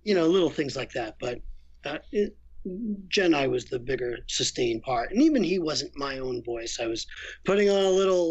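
A man guesting as a voice actor, chatting casually and telling candid, animated stories about his work. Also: fairly high pitch, moderate pace. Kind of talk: casual interview chat. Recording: lo-fi muffled audio.

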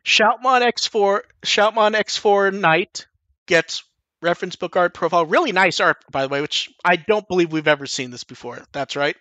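A man hosting a podcast in casual chat, rambling and animated, swearing casually. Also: high voice, normal speed, no room sound. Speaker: podcast host.

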